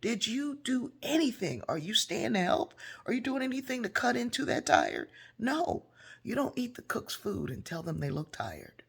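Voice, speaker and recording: A woman's voice: fairly low pitch, normal speed, vocal fry, husky, pitched above the performer's own voice. A woman voicing her reserved, joyful older godmother who scolds sharply when crossed. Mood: indignant scolding.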